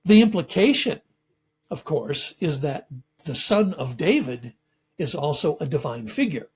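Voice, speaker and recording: A man giving a measured, explanatory lecture on scripture as a Bible teacher, pausing often with ums and uhs. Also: a little high, big pitch swings, a little mellow, breathy edge.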